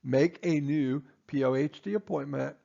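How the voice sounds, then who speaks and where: A male dentist delivers a training lecture, hammering his points home through insistent repetition. His voice sits a little high and carries a gravelly edge. The recording sounds muffled and lo-fi. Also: moderate pace, mellow. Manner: emphatic, repetitive, stern. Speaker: dentist instructing assistants.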